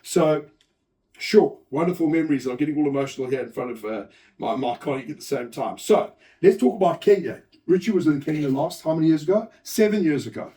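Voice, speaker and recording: A man giving a lively conference talk, telling anecdotes, acting out quoted lines and chatting with the audience. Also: fairly high pitch, brisk. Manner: animated storyteller, acts out quotes, chats with audience. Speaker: host and speaker.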